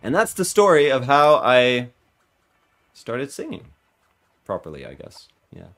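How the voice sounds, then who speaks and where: A man's voice: medium pitch, wildly swooping pitch, a little slow, a bit bright. A young man streaming, telling a story casually with frequent laughter and a self-conscious manner.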